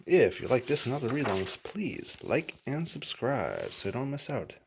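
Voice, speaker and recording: A man reading a children's picture book aloud as host, in an expressive, lilting storyteller manner. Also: mid-range voice, moderate pace, gravelly, a little hiss or hum.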